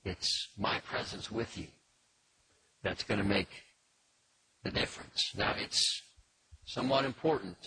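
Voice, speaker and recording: A man teaching through a Bible passage in a measured, explanatory way, pausing often with fillers. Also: lowish voice, pushed and bright. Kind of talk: expository Bible lesson. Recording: noisy recording with faint clicks.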